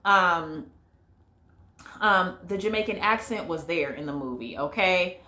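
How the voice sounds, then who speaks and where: A woman's voice: lowish voice, measured pace, pushed and bright, reverberant. A woman giving a casual vlog movie review, chatty and full of fillers, talking straight to her viewers. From United States. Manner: chatty, lots of fillers, addresses viewers as y'all.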